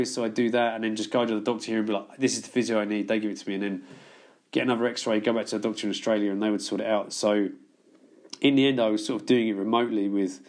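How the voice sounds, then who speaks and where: A man's voice: lowish voice, darkish tone. A man telling long stories in casual podcast chat, swearing freely and laughing as he goes. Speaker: podcast guest.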